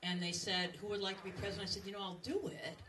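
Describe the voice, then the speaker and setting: A woman's voice: mid-range voice, flat delivery, quick pace. Joking woman in her fifties at a banquet. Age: 50s. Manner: self-mocking and joking, with many fillers. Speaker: outgoing network president and emcee. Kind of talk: humorous farewell speech at an event. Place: large banquet room with a laughing audience. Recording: distant, noisy recording over a loud crowd.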